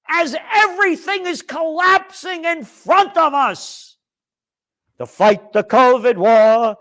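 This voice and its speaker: A man's voice: very high voice, fairly bright tone. An older man with a New York accent, hosting a commentary show with blunt, profane, fiery ranting. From New York (Bronx). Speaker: host. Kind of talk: angry commentary monologue.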